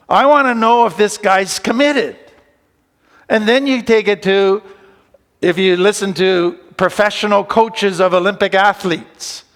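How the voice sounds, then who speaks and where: A man giving a recovery talk and retelling a Bible story in an earnest, conversational way, slowing down to stress key words. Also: sits high, fairly bright tone. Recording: long hall reverb.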